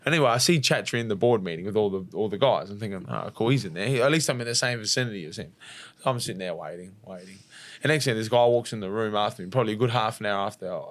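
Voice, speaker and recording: Young Australian man, low voice, rattles off stories quickly, acts out other people's lines. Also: no echo. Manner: rapid, animated storytelling with acted-out quotes and swearing. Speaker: podcast guest, martial arts fighter. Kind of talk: casual storytelling interview.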